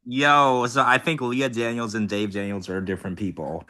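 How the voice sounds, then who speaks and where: A man co-hosting a podcast in casual chat, relaxed and hedging his asides. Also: medium pitch, normal speed. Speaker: podcast co-host.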